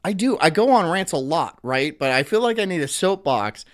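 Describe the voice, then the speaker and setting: Man, livestream host, profane rant, lively swooping pitch, fairly high voice. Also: moderate pace. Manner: profane, animated ranting. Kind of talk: ranting commentary on news clips.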